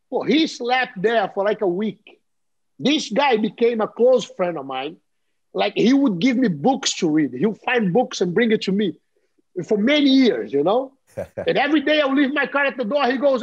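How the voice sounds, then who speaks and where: A man in his fifties with a Brazilian accent, a guest in an interview, telling stories in an animated way and often repeating and restarting his words. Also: extremely high pitch, normal speed, breathy edge, dull audio. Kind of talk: casual interview storytelling.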